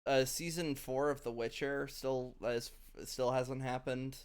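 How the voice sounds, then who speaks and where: Podcast co-host, man, smooth clean voice, rambling jokey chat. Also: mid-range voice, level tone, a little slow. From United States. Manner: rambling, joking, many fillers. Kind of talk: casual chat.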